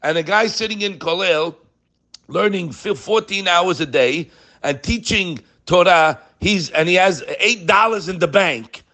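Male Torah teacher, lively, wide-ranging delivery, fervent with rhetorical questions. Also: high-pitched, a little slow. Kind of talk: animated Torah class.

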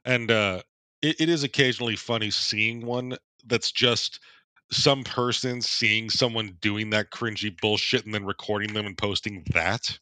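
Wry man with a bright voice. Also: lowish voice, steady tone, measured pace, no echo. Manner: wry, sarcastic quips. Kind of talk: casual chat.

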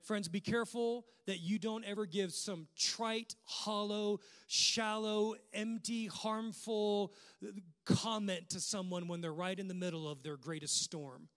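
A man's voice: high voice, fairly even intonation, measured pace, fairly bright tone. A male pastor preaching a sermon with impassioned, rhythmic repetition.

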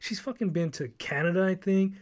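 A man's voice: high-pitched, fairly quick. A young man hosting a podcast, telling a long rambling, profane story in casual chat. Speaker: podcast host.

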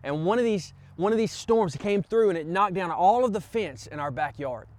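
A man's voice: high-pitched, animated, moderate pace, a little mellow. A man preaching a sermon as pastor, impassioned and urging the congregation on. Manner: impassioned preaching, repeated "come on" calls to the congregation.

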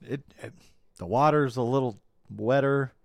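A man co-hosting a podcast, chatting about football in a loose, animated way and swearing now and then. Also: mid-range voice, unhurried, gravelly, no echo, clean studio sound. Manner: animated, swears, quotes movie lines. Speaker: podcast co-host. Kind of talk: casual sports chat.

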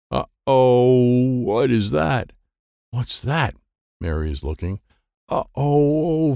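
A man reading a children's book aloud, lively and playful, with sound effects and character voices. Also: fairly low pitch, vocal fry, no room sound, studio quality. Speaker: audiobook reader.

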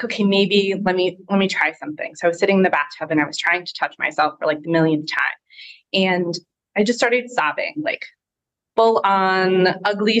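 A woman with a lowish voice speaks as a guest on a video call. She tells her story candidly and casually, with lots of "like" and easy laughs. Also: fairly bright tone, poor audio. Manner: candid, filler-heavy with frequent "like", quick to laugh.

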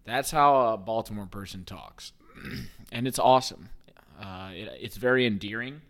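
A man's voice: lowish voice, moderate pace, a bit bright. A man in his thirties hosting a podcast, in rambling, profane, joking casual sports talk. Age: 30s. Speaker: podcast host.

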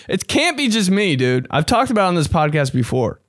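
A young man hosting a casual podcast monologue, excitable and slangy, swearing freely and often jumping into high mocking voices. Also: no room sound, studio quality. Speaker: podcast host.

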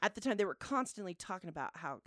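A woman in her thirties co-hosting a podcast, telling a story in a lively way, often laughing and acting out what people said. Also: on the low side, fast talker, no echo, clean studio sound. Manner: animated, laughing often, acts out quotes. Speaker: podcast co-host. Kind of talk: casual storytelling chat.

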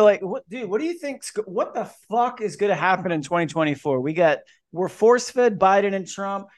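A man hosting a podcast in casual chat, joking and ranting with lots of swearing. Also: sits high. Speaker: podcast host.

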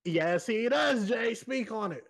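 Podcast co-host, husky, lively pitch, expressive casual chat. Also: measured pace. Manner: expressive, laughs often, emphatic.

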